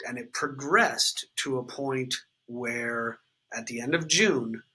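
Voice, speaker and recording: A man's voice: medium pitch, takes it slowly, sharp tone, breathy edge, low-quality recording. A man, candidly telling his recovery story in an interview, swearing freely and filling with "like" and "um". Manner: raw, unfiltered, swears freely, many fillers like "like" and "um".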